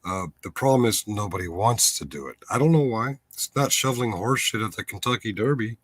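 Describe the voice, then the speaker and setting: Brisk and animated, this man's lowish voice has a fairly bright tone and no echo. Hosting a laid-back livestream chat, he rambles with wry humor, repeatedly cutting himself off and restarting.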